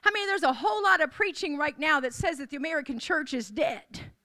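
Very high, bright-voiced woman preacher. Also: animated, quick pace. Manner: preaching with rising, declaring emphasis and repeated calls. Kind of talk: sermon.

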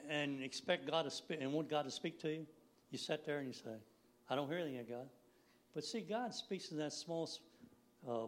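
A man in his sixties speaks at a church gathering in a folksy, rambling way. His voice sits a little high for a man, and he laughs easily between thoughts. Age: 60s. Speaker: lay preacher. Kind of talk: informal church sermon.

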